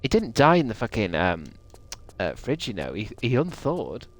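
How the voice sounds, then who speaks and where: A man's voice: mid-range voice, wildly swooping pitch, moderate pace. A man streaming a video game, rambling and swearing with a sarcastic edge. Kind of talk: gaming livestream commentary.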